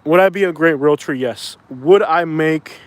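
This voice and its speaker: A vlogger in his thirties live-streams outdoors by a bridge, chatting casually in a slightly high voice at a measured pace. He rambles and argues back at viewers.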